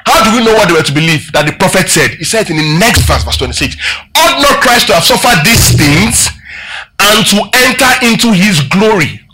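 With a high, very animated voice and a brisk pace, a pastor leads his congregation through a sermon, posing questions and having them echo his lines. Background noise can be heard.

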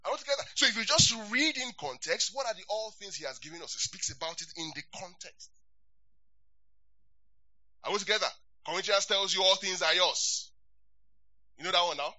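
A man preaching a sermon as pastor, animated and calling for responses from the congregation. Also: sits high, fairly quick, pauses often, dry recording, highs cut off.

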